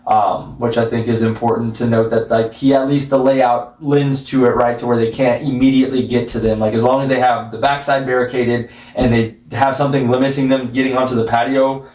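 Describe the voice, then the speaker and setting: A man's voice: medium pitch, little pitch movement, a little fast, hardly any pauses, a little mellow. A man with a mid-range voice talks through a film's plot in a loose, rambling way, often checking in with the others. He sits back from the mic, and the room around him rings. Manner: rambling recap, frequent "right?" checks. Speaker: podcast co-host. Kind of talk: casual movie review chat. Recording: roomy sound, distant mic.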